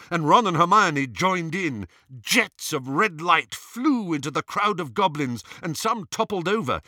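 Male audiobook reader, dramatic delivery, slightly high voice, dry close sound. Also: dry recording. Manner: dramatic, expressive reading with acted shouts. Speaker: audiobook narrator. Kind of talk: scripted audiobook narration.

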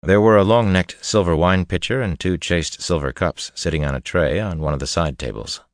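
Very deep-voiced male audiobook narrator. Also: moderate pace, dry recording, studio quality.

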